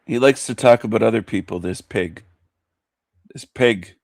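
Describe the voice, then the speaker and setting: A man's voice: fairly low pitch, normal speed, vocal fry, darkish tone, no echo, studio quality. A middle-aged man hosting a show, giving crude, sneering reaction commentary. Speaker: host.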